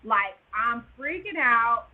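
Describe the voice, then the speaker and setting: Woman guest on a phone line, husky, slightly high, gets loud when the story peaks. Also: takes it slowly. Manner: animated, rises to near-shouts at tense moments. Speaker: guest telling her birth story. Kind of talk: emotional storytelling.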